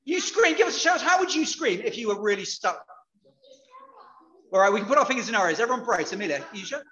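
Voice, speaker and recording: A man's voice: high voice, animated, fast, sharp tone, a little hiss or hum. A man preaching an all-age sermon, playful and interactive, chatting with children.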